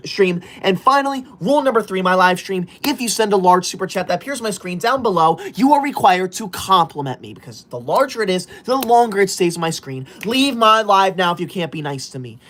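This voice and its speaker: Brisk and with few pauses, a man streaming in a strict-teacher persona reads viewer comments aloud, loud, indignant and bossy. His voice is high-pitched with lively intonation.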